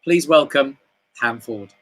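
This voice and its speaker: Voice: mid-range voice, takes it slowly. A talk show host chatting and introducing acts, friendly with many fillers.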